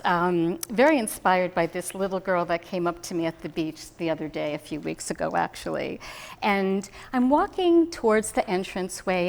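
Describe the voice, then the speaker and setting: A woman's voice: mid-range voice, creaky. Chatty woman minister giving a sermon. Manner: chatty storytelling, laughs easily. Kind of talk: conversational sermon. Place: spiritual center meeting room. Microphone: hidden mic.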